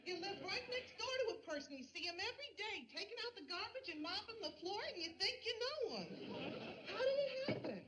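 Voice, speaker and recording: An actress playing an excitable, gossipy next-door neighbor who talks breathlessly and eagerly. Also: female voice, very high-pitched, fast. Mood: thrilled. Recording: hissy old television soundtrack.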